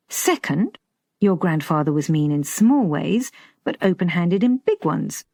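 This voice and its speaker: A woman reading an audiobook voices a middle-aged father who explains things in an even, matter-of-fact way. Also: on the low side, gravelly, no room sound, clean studio sound, full character voice. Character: calm middle-aged father, dry and measured.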